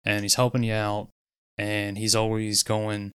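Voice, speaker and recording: Low, smooth-voiced man explaining eagerly. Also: completely flat delivery, dry recording, clean studio sound. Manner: quick, enthusiastic explainer, swears casually. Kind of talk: casual chat.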